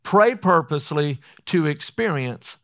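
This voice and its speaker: A man preaching a sermon in an earnest way. He slows down to read scripture and often says "listen". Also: fairly high pitch, lively intonation, a bit bright.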